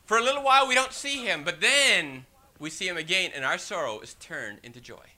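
A man preaching a sermon in an animated, rhetorical way, often asking the congregation "right?" and reading scripture in old-fashioned wording. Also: sits high, a little fast. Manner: reads scripture in King James wording.

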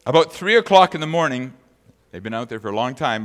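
A man's voice: medium pitch, animated, fast, in a large hall. A man preaching a sermon as pastor, reading scripture aloud and then speaking conversationally to the congregation.

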